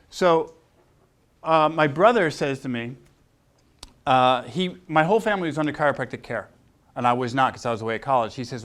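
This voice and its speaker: A man's voice: mid-range voice, moderate pace, fairly bright tone. A man in his sixties, a chiropractor, telling personal stories to a live audience, acting out quoted voices and throwing questions to the crowd. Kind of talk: anecdotal talk to a live audience.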